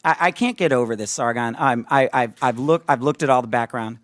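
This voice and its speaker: A man imitating a halting, gentle questioner, deeper and softer than his own voice. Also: no room sound, studio quality, natural voice. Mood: meek hesitant. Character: man mimicking a soft, hesitant, earnest interviewer.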